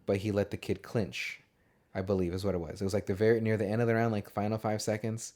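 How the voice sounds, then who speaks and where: A man's voice: on the low side, little pitch movement, quick pace, a little mellow. A man co-hosting a casual movie podcast, talking in a rambling, profane way and laughing often. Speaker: podcast co-host.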